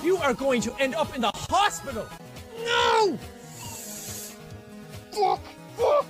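A man giving raging gameplay commentary, swearing constantly and yelling in frustration. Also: extremely high pitch, sing-song, a little slow, pauses often, faint music behind. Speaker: gamer streaming a game.

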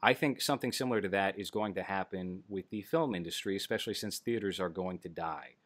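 A man's voice: deep voice, fast, a bit bright, no echo. A man in casual podcast chat, explaining at length with many fillers. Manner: rambling, filler-heavy explaining. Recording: dry close audio.

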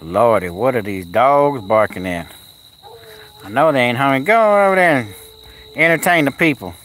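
A man's voice: mid-range voice, lively intonation, moderate pace, a bit bright. A man chatting casually on a live stream outdoors at a kennel, cooing at his animals and answering the chat in a folksy way.

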